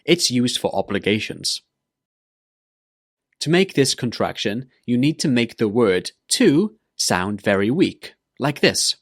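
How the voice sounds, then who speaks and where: A man leads a scripted pronunciation lesson, repeating each word deliberately so learners can copy it. His delivery is unhurried, and his pitch moves in a lively way. The recording is dry, with no room sound. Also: dry recording. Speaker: English pronunciation teacher.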